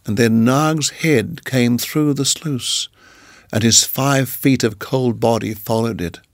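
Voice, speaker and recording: A man narrating a storybook in a measured, even reading voice. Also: mid-range voice, no echo, clean studio sound.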